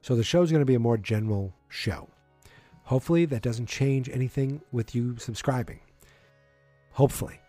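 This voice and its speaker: Rambling man hosting a podcast, dark tone. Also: medium pitch, normal speed, no room sound, faint music behind. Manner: rambling, self-correcting, filler-heavy. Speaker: podcast host. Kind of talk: casual solo podcast chat.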